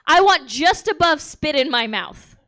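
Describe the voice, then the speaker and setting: A woman's voice: high-pitched, pushed and bright. A woman doing a stand-up set on a comedy club stage, brash and bawdy, laughing at her own jokes. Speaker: stand-up comic.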